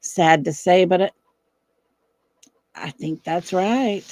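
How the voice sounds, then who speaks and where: A woman's voice: fairly low pitch, takes it slowly, a little mellow, no echo. A middle-aged woman hosting a casual livestream from her home, chatting with viewers, laughing often and fussing over her dog. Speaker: livestream host. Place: at home, indoors.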